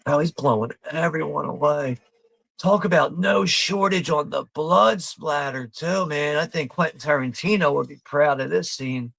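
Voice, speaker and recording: A man's voice: fairly high pitch, normal speed, creaky, fairly bright tone, no echo. A man hosting a live watch party, commenting casually over a film, laid-back, swearing freely and laughing often.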